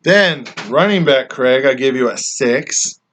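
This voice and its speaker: A man with a bright, forceful voice rambles through a review of his friends' teams, teasing as he goes. He often lets the ends of his sentences drop off quietly. His voice sounds slightly worn from talking. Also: mid-range voice, expressive, unhurried. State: voice getting worn. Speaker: fantasy football league member reviewing drafts. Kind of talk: casual chat grading friends' teams.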